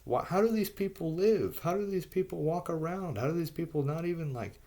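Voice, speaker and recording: Profane, exasperated man ranting solo. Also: a little fast. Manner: profane, exasperated, repeats rhetorical questions; voice rises and gets louder in bursts, then drops low and soft. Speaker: vlogger. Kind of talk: ranting monologue to camera.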